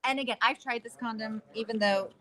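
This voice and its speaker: A woman's voice: on the high side, steady tone, a little fast, fairly bright tone. A woman hosting a casual live stream from a trade expo, chatty and bubbly with lots of fillers. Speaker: host.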